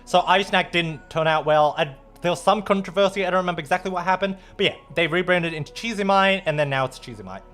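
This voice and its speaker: A man's voice: high voice, fast, few pauses, a bit bright, faint music behind. A man with an Australian accent streaming, chatting casually and playfully as he reads out viewer messages, rambling and swearing now and then.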